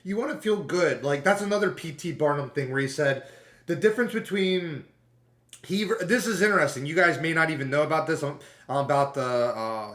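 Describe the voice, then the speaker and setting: A man's voice: on the high side, normal speed, fairly bright tone. A man streaming and chatting casually with his viewers, rambling and playful, often trailing off mid-sentence. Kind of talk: casual chat to a live stream chat. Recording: echoey room with faint background music.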